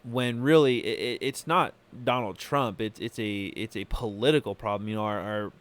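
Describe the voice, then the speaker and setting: A man hosting a podcast from California, giving opinionated solo commentary in a halting way, full of fillers and restarts. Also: fairly low pitch. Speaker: podcast host.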